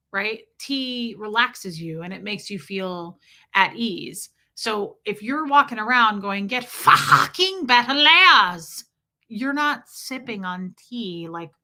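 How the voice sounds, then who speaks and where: A woman hosting a livestream, reading viewer comments and mimicking people in animated put-on voices. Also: a little high. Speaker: livestream host.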